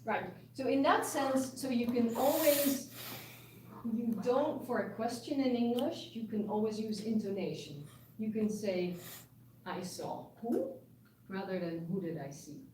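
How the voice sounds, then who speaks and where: Her voice is fairly high and slightly mellow, and she speaks at a measured pace while teaching linguistics at a university. She explains patiently, using examples and frequently starting over. It's recorded in an echoey lecture room with a distant mic and a bit of background noise.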